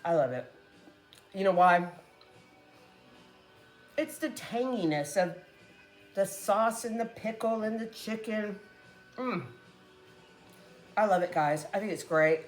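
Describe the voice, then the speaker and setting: A woman's voice: fairly low pitch, animated, slow pace, long pauses, soft background music. A woman casually chatting to viewers while cooking at home, talking to them as "guys" and laughing often. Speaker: cooking vlogger. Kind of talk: casual cooking chat to camera.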